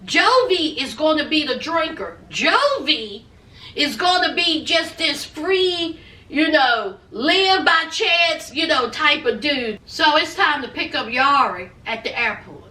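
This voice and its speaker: A high, bright-voiced woman recaps a reality show like gossip with a friend, sassy and chatty, tossing in honey and child. She sounds a bit away from the mic in an echoey room. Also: sing-song, takes it slowly, recorded from a distance. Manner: chatty gossipy storytelling with laughs. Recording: roomy echo, voice off-mic.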